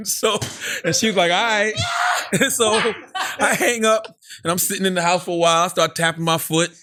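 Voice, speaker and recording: A man co-hosting a podcast, telling stories in a casual, animated way, laughing often and acting out the people he quotes. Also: sits high, fairly quick, very noisy. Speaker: podcast co-host. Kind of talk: casual storytelling chat.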